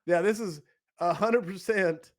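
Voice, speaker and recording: Easygoing high-voiced male podcast host. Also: measured pace. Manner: laughing, easygoing. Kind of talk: casual chat.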